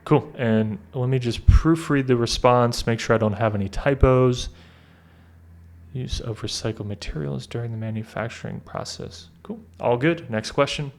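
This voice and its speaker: A man tutoring through a practice test, thinking aloud, reading sentences deliberately and correcting himself as he goes. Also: medium pitch. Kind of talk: casual walkthrough of a practice test.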